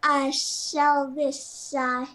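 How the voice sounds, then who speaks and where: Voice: sits high, little pitch movement, extremely slow, bright, forceful tone, exaggerated voice. Player doing a shy, polite young lady. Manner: hesitant, polite, many ums.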